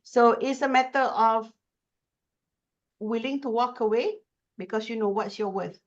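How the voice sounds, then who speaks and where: Malaysian english woman, trainer telling stories on a podcast, kinda high voice, animated, muffled lo-fi sound. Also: unhurried. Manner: animated, emphatic storyteller. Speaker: corporate trainer, podcast guest. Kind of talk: casual podcast chat.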